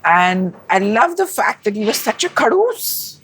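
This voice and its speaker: Animated husky woman critic. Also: a little slow. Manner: animated and emphatic, pitch leaps up when excited. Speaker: food critic and author, guest. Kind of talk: conversational interview.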